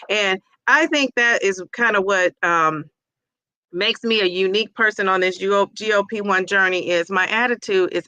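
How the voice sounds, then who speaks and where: A woman who is a teacher and a weight-loss vlogger, chatting casually and encouragingly with her viewers. She sounds upbeat and positive, and talks in quick bursts with restarts. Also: medium pitch, bright, forceful tone, no room sound.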